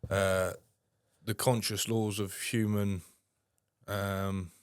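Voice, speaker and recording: A young man spins a long, rambling anecdote as a podcast guest, cursing at nearly every turn. His voice sits fairly low. The sound is close and dry, with no room around it. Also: flat delivery, drawn-out words, clean tone, dry recording. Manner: heavy swearing, rambling anecdotes. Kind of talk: casual storytelling.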